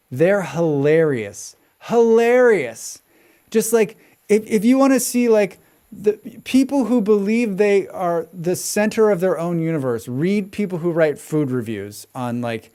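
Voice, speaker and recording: A young man talks to his viewers while streaming a game live, his voice sitting a little higher than most men's. He rambles in a casual way, curses freely, and slides easily into animated rants about whatever comes up in chat.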